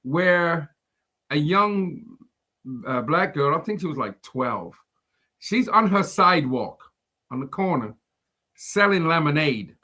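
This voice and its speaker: A man co-hosting a faith podcast in casual chat. His voice sits high and moves a lot, and his delivery is relaxed and chatty. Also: takes it slowly, long pauses. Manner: relaxed, chatty, laughs easily. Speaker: podcast co-host.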